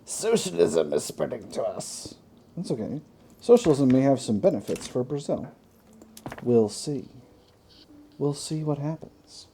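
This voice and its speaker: A man's voice: medium pitch, big pitch swings, measured pace, vocal fry, pauses often, dark tone, a little hiss or hum. A man hosting a gaming channel, chatting through a strategy game, thinking aloud with wry self-mocking asides.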